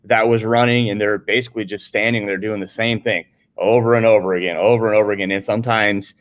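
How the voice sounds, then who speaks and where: A man's voice: fairly low pitch, quick pace. A man with a North Dakota accent, a teacher co-hosting a class vodcast in an upbeat, jokey, casual way. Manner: upbeat, jokey, energetic greetings.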